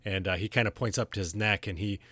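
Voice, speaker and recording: A man runs a tabletop game as game master, with a low voice and a bright, crisp edge. He narrates haltingly, full of fillers and pauses, and sounds dry and close to the mic. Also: fairly even intonation, no echo. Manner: halting, many fillers, chuckles often.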